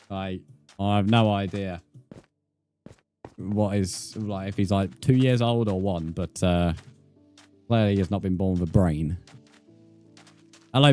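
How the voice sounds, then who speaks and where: A man's voice: lowish voice, a little mellow. A man livestreaming a game, chatting bluntly and swearing as he reads out his chat. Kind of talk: casual live gaming stream chat.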